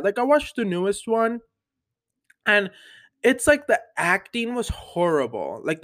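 A nineteen-year-old man hosting a solo podcast, rambling casually with lots of fillers in an animated, upbeat way. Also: sits high. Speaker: podcast host.

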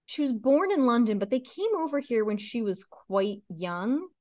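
A woman's voice: fairly high pitch, very animated, moderate pace, darkish tone, dry recording, clean studio sound. A woman co-hosting a casual chat podcast, talking in a loose, chatty way with plenty of fillers and laughs. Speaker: podcast co-host.

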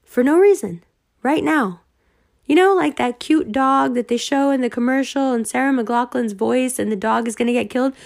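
A woman ranting to her followers, heated and sarcastic, swearing freely and at times rising almost to shouting. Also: sits high, moderate pace, creaky. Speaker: online commentator.

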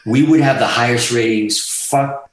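Animated, cursing man in an echoey room. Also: medium pitch, measured pace. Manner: animated, profane, rambling. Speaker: guitarist guest. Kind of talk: casual storytelling interview.

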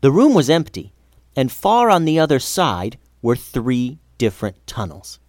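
A man narrating a children's adventure story in an expressive reading voice. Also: mid-range voice, unhurried, dry recording, studio quality.

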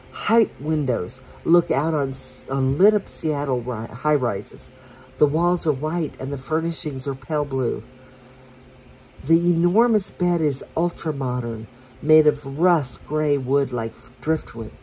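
A woman reading a romance story aloud for her podcast, soft and unhurried, with small slips and restarts. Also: deep voice, slight background noise, poor audio.

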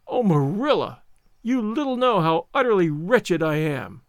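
A man's voice: high-pitched, big pitch swings, unhurried, no echo, clean studio sound, full character voice. Anne, a man reading a theatrical girl. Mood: wretched. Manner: theatrical, wordy, pleading. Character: dramatic, despairing young girl. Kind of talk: audiobook character reading.

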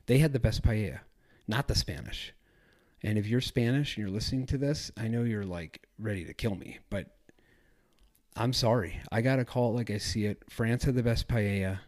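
Guy doing a solo travel podcast, lowish voice, rambles and corrects himself a lot. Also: moderate pace, a little mellow. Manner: rambling, self-correcting, chatty. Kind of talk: casual solo podcast talk.

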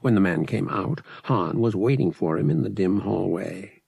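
Man, audiobook narration, gravelly, very dry close sound. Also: fairly low pitch, expressive, moderate pace, darkish tone, dry recording. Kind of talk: scripted narration.

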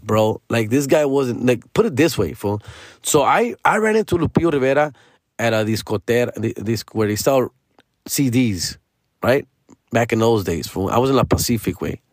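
SoCal comic in his thirties, slangy rambling storyteller, mid-pitched, dry close mic. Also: no echo. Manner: slangy, rambling, peppered with "dog" and "fool". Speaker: stand-up comedian telling a story. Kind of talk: casual storytelling.

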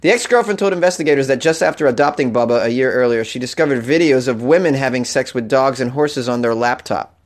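A man's voice: mid-range voice, fast talker, hardly any pauses. A man hosting a comedic weird-news show, reading stories and riffing with laughing asides and mock outrage.

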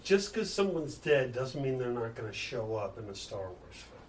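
A man's voice: medium pitch, big pitch swings, normal speed, far from the mic, slight background noise. A man co-hosting a casual podcast chat, tossing in joking, teasing remarks. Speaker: podcast co-host.

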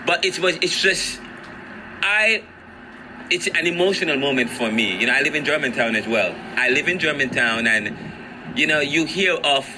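A man hosting a street interview podcast outdoors, talking in an emotional, halting way with many restarts. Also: a little high, expressive, noisy background. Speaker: podcast host.

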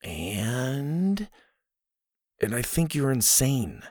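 A man's voice: medium pitch, sing-song, extremely slow, a little mellow, dry recording, exaggerated voice. A man voicing a dry, skeptical schoolboy. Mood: exasperated.

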